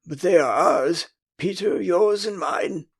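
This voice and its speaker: A man's voice: sits high, slow, breathy edge, exaggerated voice. An older man with an English accent voicing a prim, earnest, motherly young girl in an audiobook. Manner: prim, emphatic. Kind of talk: audiobook character voice.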